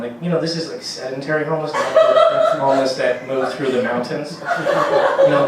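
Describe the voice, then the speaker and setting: 30s guy doing standup, kinda high voice, swears a lot, super echoey room, mic far off. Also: a little hiss or hum. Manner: rambling, profane, acts out dialogue in raised voices. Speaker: stand-up comedian. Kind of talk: stand-up comedy set.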